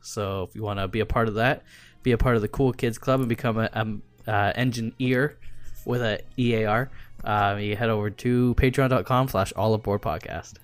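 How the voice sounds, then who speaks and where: A man co-hosting a casual podcast, relaxed, slowing down to read out promos. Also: fairly low pitch, clean tone, no room sound, soft background music. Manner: relaxed, reads promos slowly and deliberately. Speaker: podcast co-host. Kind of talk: casual chat.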